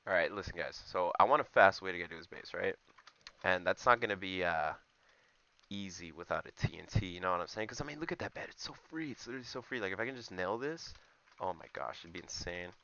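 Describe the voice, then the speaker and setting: A man's voice: deep voice, animated, quick pace, pushed and bright, dull audio. A young man giving joking, rambling commentary over his gameplay, talking straight to his viewers. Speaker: gaming YouTuber.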